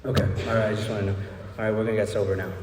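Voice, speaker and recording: A man's voice: on the low side, little pitch movement, racing, very noisy. Candid man speaking in a distant hall. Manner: candid, rambling, frequent "right?" asides. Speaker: recovery speaker. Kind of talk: personal recovery talk. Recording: roomy hall from far off.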